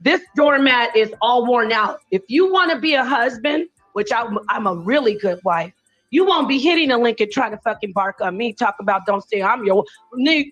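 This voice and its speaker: A woman's voice: high voice, expressive, normal speed, a bit bright, soft background music. A woman ranting angrily on a live stream, profane and confrontational. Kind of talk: heated live-stream rant.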